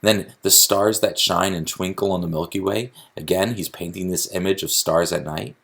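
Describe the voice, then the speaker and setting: Male teacher, deep and husky, gravelly voice, explanatory lecture with restarts. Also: moderate pace, hardly any pauses, a bit bright. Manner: explanatory, with frequent restarts and fillers. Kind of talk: recorded lecture on poetry.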